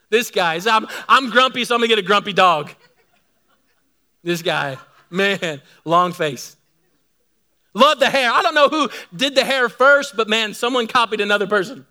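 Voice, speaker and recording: Bright, high-voiced male pastor. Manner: lively storytelling to a congregation. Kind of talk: sermon.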